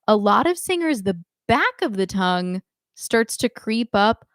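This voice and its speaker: A woman's voice: a little high, very animated, unhurried, no room sound, studio quality. A young adult woman teaching a live online singing lesson, explaining in a friendly way with frequent ums and short sung demonstrations.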